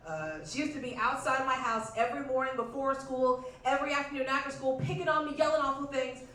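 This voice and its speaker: High, bright-voiced woman doing stand-up. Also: fast talker, distant mic. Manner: playful, acts out quotes in exaggerated voices. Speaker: stand-up comedian. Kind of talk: stand-up comedy set. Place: comedy club stage. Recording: echoey club room miked from afar. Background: audience laughter.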